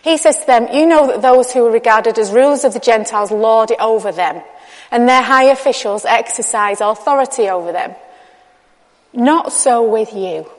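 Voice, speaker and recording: A woman preaching in a chatty, candid way, acting out dialogue as she goes. Her voice sits fairly high and rings out with the long reverb of a large hall. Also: fairly quick. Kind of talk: conversational sermon.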